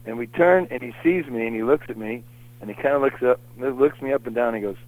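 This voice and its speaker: A man's voice: mid-range voice, fast, no echo, low-quality recording. A middle-aged man telling anecdotes in a casual, rambling way as an interview guest. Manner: animated, rambling anecdotes with lots of fillers.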